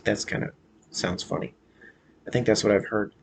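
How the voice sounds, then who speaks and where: A man's voice: fairly low pitch, flat delivery, quick pace, slight background noise. An American man vlogging in a casual, hesitant way, with many fillers and restarts as he chats about a movie. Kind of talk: casual rambling movie chat.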